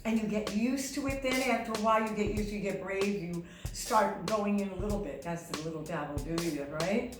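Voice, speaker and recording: A woman's voice: medium pitch, brisk, roomy sound, distant mic, over music. A woman singing teacher giving a chatty, motherly vocal lesson, humming short demonstrations as she explains.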